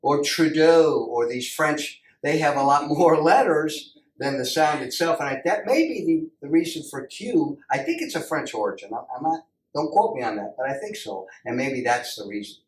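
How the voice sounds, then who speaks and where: A man's voice: fairly high pitch, expressive, moderate pace, recorded from a distance. Rambling man co-hosting a casual game. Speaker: co-host. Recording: roomy sound from off-mic.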